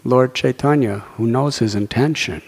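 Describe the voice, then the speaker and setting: A man, a monk teaching scripture, giving an earnest devotional sermon in a soft, fervent storytelling manner. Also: mid-range voice, moderate pace, breathy edge. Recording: echoey hall.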